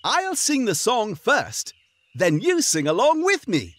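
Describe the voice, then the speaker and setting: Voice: medium pitch, wildly swooping pitch, slow, music in the background. A performer as a cheerful singing frog. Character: cheerful frog who sings children's songs. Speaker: sing-along leader.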